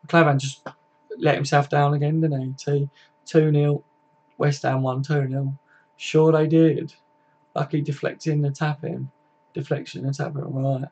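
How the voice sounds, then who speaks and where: Young male stream host, gravelly and a touch high, casual and profane, lo-fi home recording. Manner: chatty and matey, swears often, reads chat aloud. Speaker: livestream host. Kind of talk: casual live-stream chat. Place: home computer setup.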